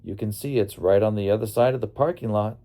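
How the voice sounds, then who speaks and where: A man's voice: lowish voice, fast talker, mellow, lightly acted. A man voicing a smart-alecky teenage boy with a sarcastic tone.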